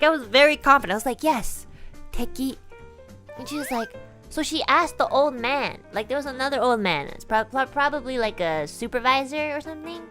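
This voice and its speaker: A woman streamer telling a story in a rambling, animated way, full of "like" and laughter, with Japanese phrases mixed in. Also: high-pitched. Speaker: virtual streamer. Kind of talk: casual storytelling chat.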